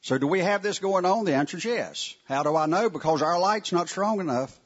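This pastor's voice sits high and moves quickly, leaping expressively as he drives home each point of his sermon. He's folksy and direct, a bit husky, and keeps turning aside to address the congregation. It's captured in a church sanctuary on a muffled, lo-fi recording.

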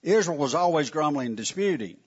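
A man's voice: fairly high pitch, expressive, a little fast, breathy edge. A man teaching a Bible lesson in a conversational, wry way, often putting questions to his listeners. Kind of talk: sermon teaching. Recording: dull lo-fi recording.

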